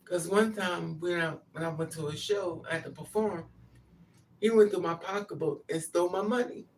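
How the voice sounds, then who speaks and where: A woman talks through a personal story in a loose, animated monologue, slipping into the voices of the people in it. Her voice has a gravelly edge. She sits a little back from the mic, with faint noise underneath. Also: fairly low pitch, moderate pace, recorded from a distance. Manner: animated, acts out quotes.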